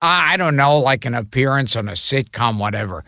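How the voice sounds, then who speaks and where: A man guest in a casual podcast chat, telling crude stories with a deadpan delivery. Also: medium pitch, a little fast, no echo, studio quality.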